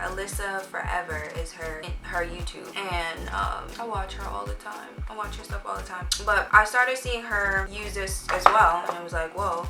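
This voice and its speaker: A woman's voice: mid-range voice, roomy sound, recorded from a distance. A young woman with a light Jamaican accent chatting casually through a get-ready-with-me storytime, rambling with many fillers and self-corrections. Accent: Jamaican, prep-school polished. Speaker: beauty vlogger.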